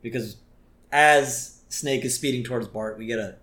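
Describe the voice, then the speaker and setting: A man's voice: mid-range voice, normal speed, a bit bright. A man co-hosting a podcast, casually recapping a cartoon episode, laughing often and quoting lines. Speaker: podcast co-host. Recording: roomy echo.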